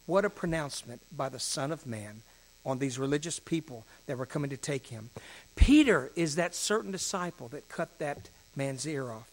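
A male pastor preaching a sermon, shifting between hushed emphasis and louder passages. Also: a little high, animated, normal speed.

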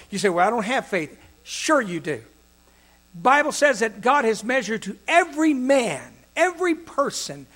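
A man preaching a sermon, acting out the voices in the stories he tells and swinging from loud to soft. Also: sits high. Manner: dramatic, acts out quoted voices with big swings in loudness.

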